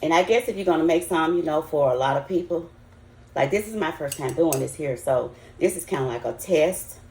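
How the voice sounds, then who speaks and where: A woman's voice: low-pitched, fairly quick, a little mellow, slight background noise. An older woman with a Southern US accent, chatting folksy and casual to viewers as she cooks in her home kitchen. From Southern United States. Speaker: home cook. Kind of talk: casual cooking vlog. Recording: roomy, echoey kitchen.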